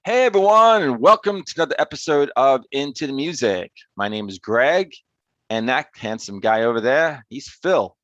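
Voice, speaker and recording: A man's voice: mid-range voice, expressive, moderate pace, fairly bright tone, dry recording, highs cut off. A man co-hosting a music reaction show, chatting casually and joking in a rambling way. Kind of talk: casual chat.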